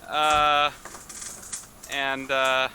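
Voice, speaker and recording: A man introducing his character in a tabletop game, soft-spoken and hesitant, over a voice call. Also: medium pitch, monotone, extremely slow, slight background noise. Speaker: player.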